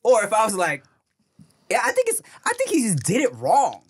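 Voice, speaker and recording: A man co-hosting a podcast, chatting casually, reacting quickly and picking apart the comedy. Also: high-pitched, wildly swooping pitch, breathy edge. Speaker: podcast co-host. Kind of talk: casual chat.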